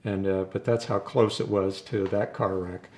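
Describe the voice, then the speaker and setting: A man's voice: low voice, steady tone, moderate pace, a little mellow, a little hiss or hum. An older man, a rock drummer, reminiscing in a rambling, casual way during an interview and chuckling between his stories.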